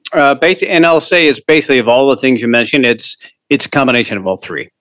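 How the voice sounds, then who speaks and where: A man's voice: medium pitch, fast, a bit bright, no echo. Jokey self-deprecating man, dry sound. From Canada. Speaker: guest, humor writer. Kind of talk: casual storytelling interview.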